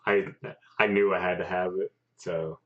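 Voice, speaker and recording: A man co-hosting a casual chat, speaking haltingly with many pauses. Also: deep voice, steady tone. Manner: halting, many fillers and restarts. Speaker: co-host. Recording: dull lo-fi sound.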